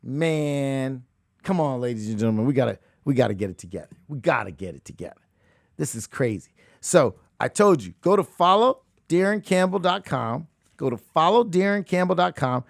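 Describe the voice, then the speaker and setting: Emphatic gravelly-voiced man coach. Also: mid-range voice, animated, moderate pace, dry recording, clean studio sound. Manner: emphatic, repeats phrases, laughs, shifts between shouting and hushed asides. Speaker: real estate coach and show host. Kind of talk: animated motivational talk.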